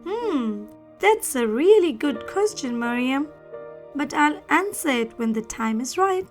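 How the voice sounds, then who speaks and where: A woman voicing a gentle, patient mother of a young girl in a children's cartoon, soft and reassuring. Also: high-pitched, sing-song, measured pace, faint music behind.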